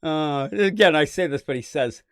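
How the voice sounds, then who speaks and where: A man hosting a podcast, talking casually about comics in an animated, rambling way with frequent laughs. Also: a little high, moderate pace, clear, resonant tone, dry recording, studio quality. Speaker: podcast host. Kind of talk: casual comic book chat.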